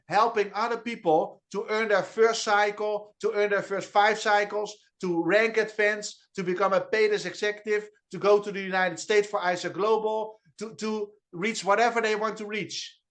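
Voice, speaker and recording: A man's voice: sits high, fairly even intonation, moderate pace, hardly any pauses, a bit bright. A man with a Dutch accent, whose first language is Dutch, giving an enthusiastic network marketing training on a video call, repeating key phrases and stumbling over restarts. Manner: enthusiastic, repetitive, with restarts and stutters. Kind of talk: energetic online training talk.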